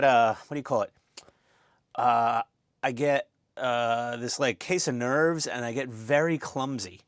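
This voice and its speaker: A man's voice: medium pitch, a bit bright, dry recording. A man giving casual, rambling commentary as he builds a scale model, chatty and self-deprecating.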